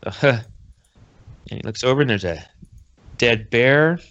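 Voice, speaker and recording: A man's voice: mid-range voice, animated, measured pace, fairly bright tone, lo-fi sound. A man hosting a podcast, recapping a comic book in a casual, rambling way with sarcastic jokes. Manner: rambling, jokey, sarcastic asides. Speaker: podcast host.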